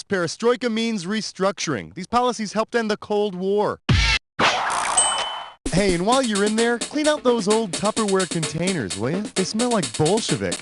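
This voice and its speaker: A man voicing a brash, sarcastic quiz show host in a comedy trivia game. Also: high-pitched. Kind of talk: video game voice acting. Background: game music.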